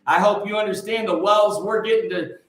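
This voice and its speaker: Brief: male livestream host, high voice, preacher cadence, quiet asides bursting into shouts, roomy echo. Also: fairly quick. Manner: swings from quiet asides to shouted revival fervor. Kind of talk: preacherly storytelling to a live chat.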